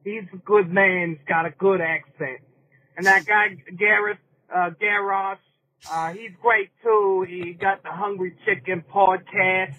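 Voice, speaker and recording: A man's voice: sits high, fairly even intonation, measured pace, slight background noise. Eager man calling in over a tinny phone line. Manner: loud, eager, rambling. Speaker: caller. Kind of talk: phone call to a podcast.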